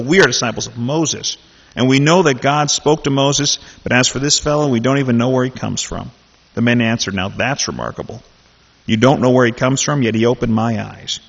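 A man's voice: mid-range voice, gravelly. A man leading a Bible study, talking casually and then reading a scripture passage aloud with animation. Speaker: Bible teacher. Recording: dull sound in a reverberant hall.

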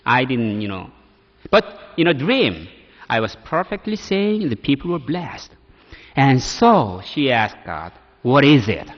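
A man's voice: medium pitch, big pitch swings, measured pace. A man from Korea with a Korean accent, preaching a personal testimony with emotion and many fillers. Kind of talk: testimony sermon. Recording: dull audio in a reverberant hall.

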